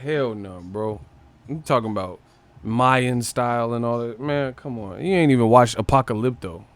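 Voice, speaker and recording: A man's voice: mid-range voice, moderate pace, no room sound. A man hosting a boxing live stream, joking and swearing casually and mimicking other people's voices.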